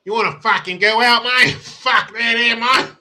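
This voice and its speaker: A man's voice: very high voice, moderate pace, pushed and bright, voice pushed up, full character voice. A man putting on a mock Australian accent to play a crude, swaggering bloke who ends every line with "mate", in a podcast commentary. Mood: mocking, loud. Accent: put-on Australian. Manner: mocking, tacks on "mate" constantly.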